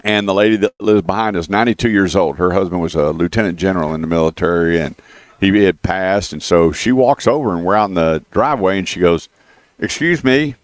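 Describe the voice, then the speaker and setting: Male radio host with a very low voice and a dry studio sound, a folksy storyteller. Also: quick pace, no room sound. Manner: folksy storyteller, animated when quoting others. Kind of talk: casual radio chat. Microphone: studio microphone.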